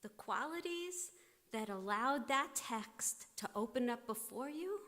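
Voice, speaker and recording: Delivering an installation tribute and formal blessing, a woman rabbi speaks in a fairly high, slow, deliberate voice with lively intonation. She lets entire phrases sink nearly to a hush while the long reverb of a large hall carries each word.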